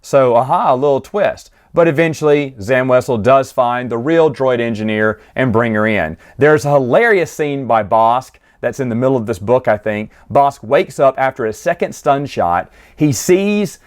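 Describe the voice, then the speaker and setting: A man's voice: mid-range voice, moderate pace, hardly any pauses. A man casually recapping a children's book, chatty and amused, often acting out quotes from the characters. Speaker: book reviewer.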